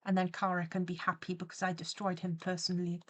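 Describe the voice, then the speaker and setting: A woman's voice: on the low side, completely flat delivery, quick pace. A young woman, chatting casually on a livestream as she animates, playfully spinning theatrical mock-villain tangents. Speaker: streamer and animator.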